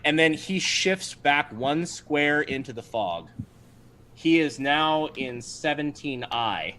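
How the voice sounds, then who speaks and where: A man's voice: fairly high pitch, animated, slow pace, sharp tone, slight background noise. A man acting as game master, narrating a tabletop game on a livestream in an easygoing, chatty way with frequent ums.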